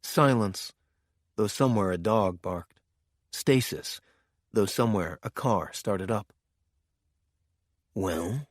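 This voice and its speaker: A man reading a thriller audiobook in a steady, measured narration. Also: lowish voice, no room sound, clean studio sound.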